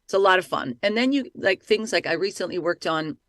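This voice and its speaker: Lively, talkative woman with a dry sound. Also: fairly low pitch, fairly quick, no echo. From Italy. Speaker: actress, voice-over artist and playwright. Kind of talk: casual interview chat.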